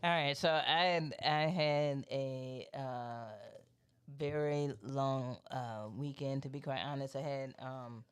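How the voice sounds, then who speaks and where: A man co-hosting a podcast, telling a story in a loose, profane, animated way and quoting the people in it. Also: medium pitch, takes it slowly, clear, resonant tone. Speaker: podcast co-host. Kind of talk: casual chat, storytelling.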